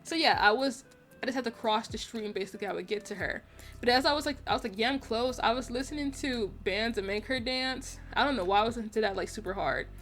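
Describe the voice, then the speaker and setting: A woman with a fairly high voice tells a story to her viewers in a casual, rambling way. She leans on "like" as a filler and breaks into laughs often. Faint music plays quietly behind her. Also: fast. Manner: chatty, lots of "like" fillers and laughs. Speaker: vlogger.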